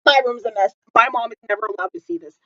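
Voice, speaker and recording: A teenage TV reviewer in a bedroom, loud and excitable, close to tears as they react to a show. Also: mid-range voice, fast talker, dry recording, highs cut off. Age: late teens. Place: bedroom at home.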